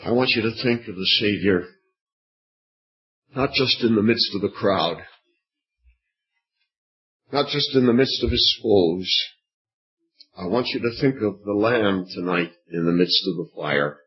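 A man preaching an evening sermon, slow and dramatic, with long pauses and repeated phrases. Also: on the low side. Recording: dull lo-fi recording.

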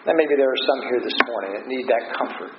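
A man preaching a sermon to a congregation, earnest and emphatic, stretching key phrases slowly and letting his pitch rise and fall. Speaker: pastor. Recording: dull roomy recording with noise.

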